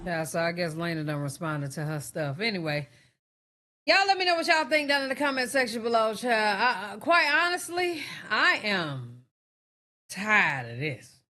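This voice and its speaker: A woman's voice: a little high, expressive, a little fast, sharp tone. A woman hosting a reaction stream, giving blunt, profane, casual commentary to her viewers.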